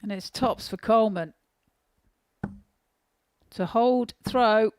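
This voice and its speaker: A woman with a mid-pitched voice gives friendly, teasing analysis of each darts leg. Her voice is recorded dry and close to the mic. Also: takes it slowly, dry recording. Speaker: darts co-commentator. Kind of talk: sports commentary.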